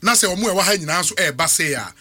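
A Ghanaian man speaks as a radio panelist in a fairly high, bright voice. His pitch moves a lot as he breaks in to agree and add his own points. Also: animated, rapid-fire. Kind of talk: radio discussion.

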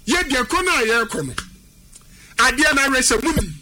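A Ghanaian man talks sport in a strikingly high, bright voice that rises and falls a lot. He is emphatic, repeating words for effect and slipping into a sing-song cadence, with a faint hiss of background noise. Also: sing-song, normal speed. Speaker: sports pundit. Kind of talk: animated sports talk mixing Twi and English.

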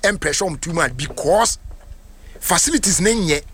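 Ghanaian man, high voice, very lively melody, casual sports chat. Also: normal speed. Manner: expressive, storytelling, mixes in English phrases.

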